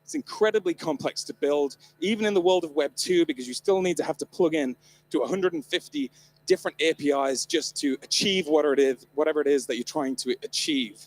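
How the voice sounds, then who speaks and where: A man's voice: on the high side, brisk, a little hiss or hum. A man from the north of England giving a comedic keynote talk on stage at a live event, irreverent, joking and swearing freely. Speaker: conference presenter.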